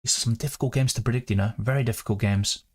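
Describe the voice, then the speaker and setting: A young man hosting a live question-and-answer stream, chatting quickly and reading out viewer comments. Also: mid-range voice, darkish tone, slightly rough. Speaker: fantasy football streamer.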